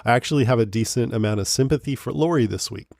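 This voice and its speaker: A man's voice: medium pitch, fast talker, gravelly, a little mellow, dry recording, studio quality. A man hosting a podcast in casual chat, reading listener emails aloud and laughing often. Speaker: podcast host.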